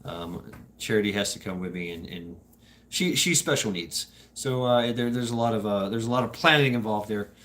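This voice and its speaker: A man's voice: fairly low pitch, normal speed, a bit bright, a little hiss or hum. A man hosting a casual live stream, chatting with viewers in a rambling, profane way, laughing often and restarting his sentences. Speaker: streamer host.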